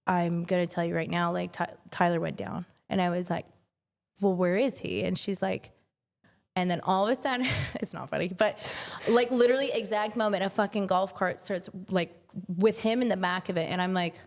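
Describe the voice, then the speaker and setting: On a podcast, a young female guest casually tells a personal story, chatty and full of "like" and swearing. Her voice sits lowish with vocal fry, a steady tone, and a normal speed.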